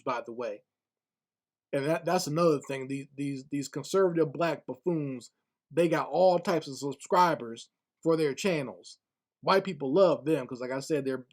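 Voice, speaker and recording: A man's voice: on the high side, darkish tone. Blunt, scornful male commentator. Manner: blunt, scornful, repeats words as he thinks. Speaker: online commentator. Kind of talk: casual spoken commentary.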